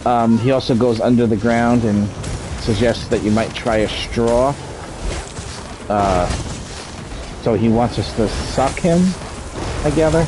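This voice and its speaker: A man's voice: mid-range voice, background noise. A man streaming a game, chatting casually, explaining mechanics and swearing freely. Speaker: streamer playing an online game. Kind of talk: casual gameplay commentary.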